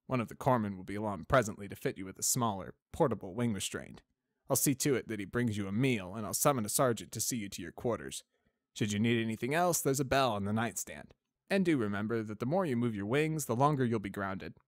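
A brisk stallion army doctor, read by a man, crisp and formal with a dry, teasing wit. His voice is low. The sound is close and dry. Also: animated, no room sound, close to an everyday voice.

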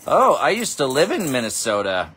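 A man's voice: medium pitch, huge pitch swings, moderate pace, background noise. A man casually chatting on a family livestream at home, laughing often and joking about accents. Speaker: parent hosting a family livestream. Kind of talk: casual chat.

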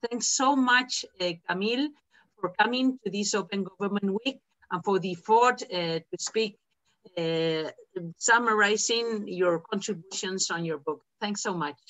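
A woman introducing a guest speaker as moderator, halting and full of fillers. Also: mid-range voice, fairly bright tone, no echo, poor audio. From Spain.

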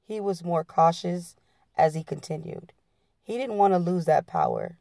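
A woman reads a memoir aloud in a blunt, plain-spoken manner. Her voice is low with a gravelly fry and a mellow, dark color. The sound is dry and close. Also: huge pitch swings, normal speed, no echo. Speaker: narrator reading a memoir. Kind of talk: reading a book aloud.

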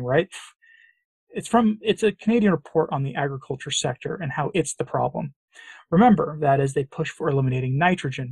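Husky, sarcastic American commentator. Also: male voice, a little high, darkish tone, dry recording. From United States. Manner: sarcastic, emphatic, with repeated phrases. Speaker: commentary channel host. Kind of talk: opinion commentary reading news quotes.

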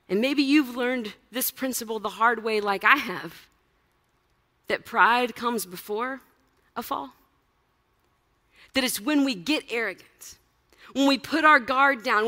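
A woman pastor giving a sermon in church, telling the story with animated, casual asides. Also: high-pitched, big-room sound.

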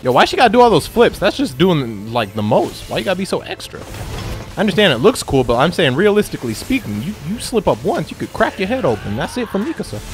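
A young man commentating his own gameplay, excitable and trash-talking, yelling at the game. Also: high voice, fast talker, faint music behind. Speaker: gameplay YouTuber. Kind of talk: let's play commentary.

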